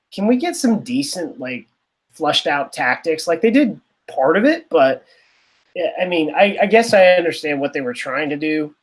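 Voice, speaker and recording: A man co-hosting a podcast in casual chat, rambling and sarcastic, often trailing off. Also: fairly high pitch. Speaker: podcast co-host.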